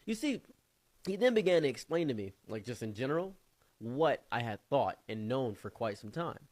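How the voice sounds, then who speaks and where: A man with a Midwestern American accent telling a rambling, animated personal anecdote and acting out other voices. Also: mid-range voice, moderate pace, no room sound. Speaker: storyteller. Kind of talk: casual anecdote.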